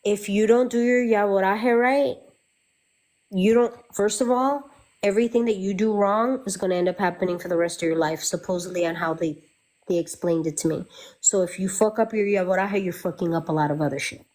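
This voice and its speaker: A woman's voice: medium pitch, fairly even intonation, brisk, a little mellow. A middle-aged woman, a Santeria practitioner, chatting candidly and swearing freely as she tells her stories. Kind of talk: casual chat.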